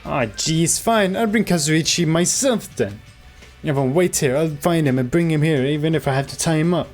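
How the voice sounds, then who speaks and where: A man voicing a bossy, brisk young woman. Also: fairly high pitch, animated, faint music behind, voice pushed up, close to an everyday voice. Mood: exasperated.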